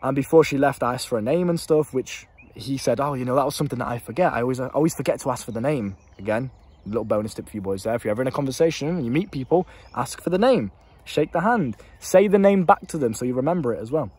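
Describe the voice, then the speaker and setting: A man's voice: a little high, slightly rough. A young British man and life coach, talking casually to a handheld camera, swearing freely and rambling.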